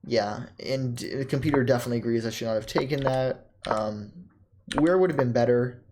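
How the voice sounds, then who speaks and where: A young man casually thinking aloud as he reviews his own chess game, often pausing with ums, correcting himself and laughing softly. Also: mid-range voice, noisy background. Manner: halting, self-correcting, many ums and laughs.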